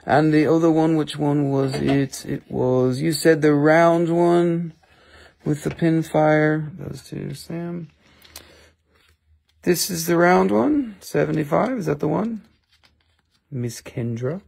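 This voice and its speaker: Gravelly, teasing man. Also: on the high side, takes it slowly, a little mellow. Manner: teasing, joking banter with viewers. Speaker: live stream seller. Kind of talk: live selling stream chat.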